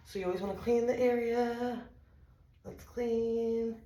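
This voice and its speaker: A woman's voice: mid-range voice, steady tone, measured pace, darkish tone. A woman vlogger casually walking viewers through a home injection, chatty and a little nervous, saying y'all. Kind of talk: casual how-to vlog. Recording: echoey room.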